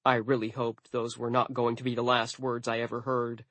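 A man narrating an audiobook in a studio, with wry, deadpan asides. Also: medium pitch, moderate pace, dry recording.

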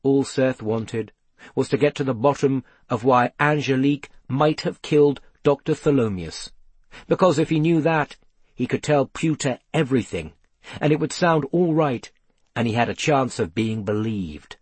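A man reading a children's fantasy story aloud in a measured storytelling delivery. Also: medium pitch, a little mellow, husky, no room sound. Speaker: audiobook narrator. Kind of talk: scripted narration.

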